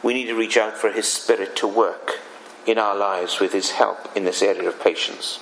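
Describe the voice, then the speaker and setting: A man preaching a sermon, speaking in a deliberate way with emphatic pauses between phrases. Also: fairly low pitch, steady tone, creaky, fairly bright tone, slight background noise, poor audio.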